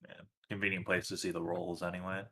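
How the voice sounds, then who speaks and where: A man's voice: deep voice, little pitch movement, fast talker, a crowd in the background. A man playing in a tabletop game, joking dryly and speaking both in and out of character. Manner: dry, joking. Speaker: player. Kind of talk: casual tabletop role-play.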